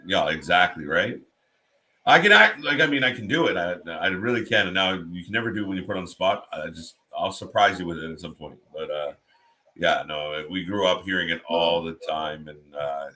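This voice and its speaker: Canadian dude on a live stream, lowish voice, kinda rambly, reads out comments. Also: male voice, sharp tone. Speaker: watch party co-host. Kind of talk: casual live-stream chat.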